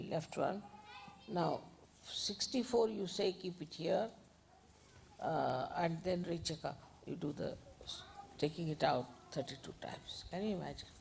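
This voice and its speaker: A woman spiritual teacher, giving an informal, unhurried talk with gentle asides. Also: sits low, vocal fry, a little hiss or hum.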